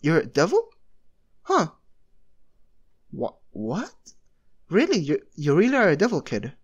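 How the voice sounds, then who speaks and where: Casual: guy playing a wide-eyed angel, keeps going wow, louder and excitable, highish voice. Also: slow pace, highs cut off. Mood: amazed. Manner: excitable, exclaiming. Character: astonished, gushing angel guard.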